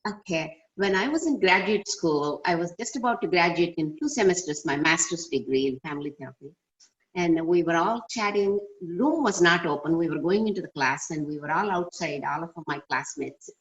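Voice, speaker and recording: An older woman with a very low voice tells a personal story to a class, earnest and reflective. She is heard over a dull, lo-fi video call. She adds thoughtful asides as she goes. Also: moderate pace. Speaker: class participant. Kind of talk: personal anecdote in a group discussion.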